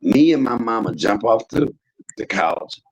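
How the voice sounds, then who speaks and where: A man hosting a livestream, telling stories in casual chat with an animated manner that leaps up in pitch when he quotes people. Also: a little slow, breathy edge, low-quality recording. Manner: animated storyteller, jumps high in pitch for quoted voices. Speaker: livestream host.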